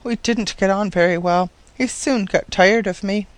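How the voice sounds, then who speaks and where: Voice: mid-range voice, moderate pace, no echo, natural voice. An audiobook reader voicing a sad, crushed widowed woman who talks in faint, complaining tones. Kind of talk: audiobook reading.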